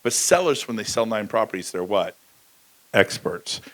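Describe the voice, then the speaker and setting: A man's voice: lively intonation, normal speed, rough recording. A middle-aged man giving a motivational real estate talk on a conference stage, full of energy and calling out to the crowd. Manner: high-energy, shouting bursts and crowd call-outs.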